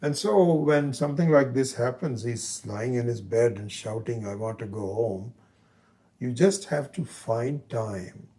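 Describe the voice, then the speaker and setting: A man teaching Vedanta, telling a story in a halting way and acting out its voices. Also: medium pitch, warm tone. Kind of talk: spiritual lecture with storytelling.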